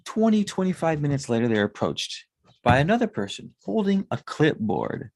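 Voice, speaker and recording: A man's voice: fairly high pitch, very animated, moderate pace, no room sound. A man in his thirties, a tarot reader, talking in a casual, rambling monologue and swearing often. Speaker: tarot reader and spiritual consultant.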